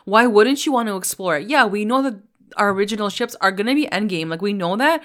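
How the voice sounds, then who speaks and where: A woman's voice: medium pitch, lively intonation, fast, fairly bright tone. Chatty woman podcast co-host. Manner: enthusiastic, chatty, frequent fillers. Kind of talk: casual chat recapping a TV episode.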